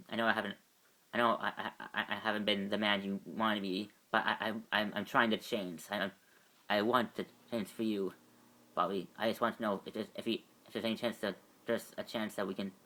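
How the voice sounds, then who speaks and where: A man voicing a wry, remorseful male agent, halting and full of restarts. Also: lowish voice, pushed and bright. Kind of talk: amateur fan voice acting.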